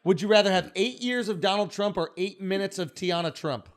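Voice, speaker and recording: A man's voice: high voice, fairly quick, clear, resonant tone. A man hosting a podcast, asking probing questions in casual studio chat. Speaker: podcast host.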